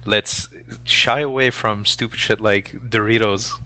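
A man with a low-pitched voice and a bright, forceful edge to his tone. He co-hosts a podcast in loose casual chat, hedging his opinions and dropping the odd curse word. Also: steady tone, measured pace. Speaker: podcast co-host.

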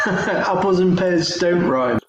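Slow, giggly man in an echoey room. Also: high voice, muffled recording. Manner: laughs a lot, teasing. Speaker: podcast co-host. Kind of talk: casual comedic chat. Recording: echoey room, faint noise.

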